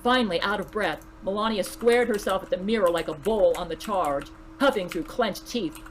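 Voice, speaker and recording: A woman reading a story aloud in an even, mid-pitched voice, leaning into the dramatic beats. There is a faint hiss behind her. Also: normal speed, rough recording.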